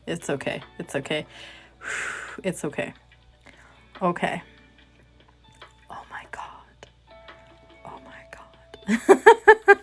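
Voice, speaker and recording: Slow chatty woman streaming a craft session, pokes fun at herself, faint music behind. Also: mid-range voice, breathy edge. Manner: chatty, self-mocking, talks to chat viewers. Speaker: livestream host. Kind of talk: casual livestream chat.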